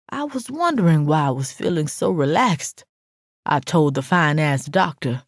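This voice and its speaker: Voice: mid-range voice, animated, normal speed, no room sound, clean studio sound. An audiobook narrator reading a first-person story in a brash, sassy, profane voice.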